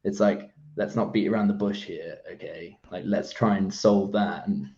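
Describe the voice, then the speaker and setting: A man's voice: low-pitched, steady tone, normal speed, darkish tone, roomy sound. A young man co-hosting a casual podcast chat, swearing freely and laughing as he acts out quoted lines. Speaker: podcast co-host. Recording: dull lo-fi recording.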